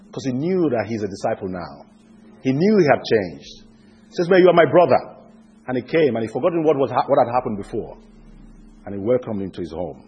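A man preaching a sermon, swinging from loud emphatic declarations to hushed, intimate appeals. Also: medium pitch, slightly rough, highs cut off.

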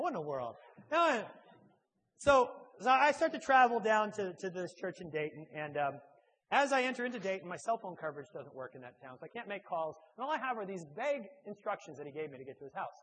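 A man, a church speaker and author, telling a humorous personal anecdote in a halting, self-deprecating way. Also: high-pitched, a bit bright, breathy edge.

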